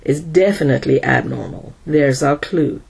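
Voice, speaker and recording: A woman's voice: a bass voice, moderate pace, gravelly, a little mellow, husky, pitched below the performer's own voice, exaggerated voice. A woman voicing a grim, level-headed male engineer who speaks dryly and steadily. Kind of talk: audiobook character voice.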